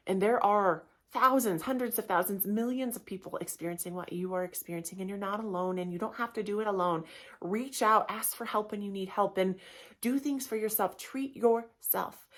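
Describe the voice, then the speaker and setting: A middle-aged woman hosting her own yoga podcast, talking straight to her listeners in a casual, gushing and encouraging way. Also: mid-range voice. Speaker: yoga teacher and podcast host. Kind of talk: casual motivational podcast monologue.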